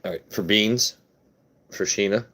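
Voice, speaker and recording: A man's voice: fairly low pitch, a little slow, a bit bright. A young man hosting a casual whiskey livestream, joking crudely and answering his chat as he pours.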